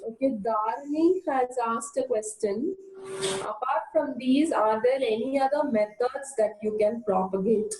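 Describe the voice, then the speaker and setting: A woman teacher talks on a video call, calm and explanatory, walking listeners through ideas in order. Her voice is warm and relaxed, and a little higher than average. The room is echoey, with faint background noise. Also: unhurried. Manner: steady, explanatory, with occasional fillers. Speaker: guest teacher answering questions. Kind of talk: explaining teaching methods in an online workshop. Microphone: computer mic on a video call.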